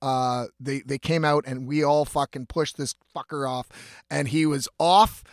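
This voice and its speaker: Speaking at a measured pace in a steady mid-range voice, a male host delivers a casual storytelling monologue on his own show. The story wanders at length, full of fillers and swearing, and the studio sound is clean with no echo.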